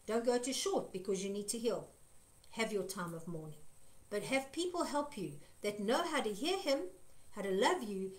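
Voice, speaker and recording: A woman minister giving an earnest devotional teaching, stressing her points by repeating phrases. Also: on the high side. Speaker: Christian minister.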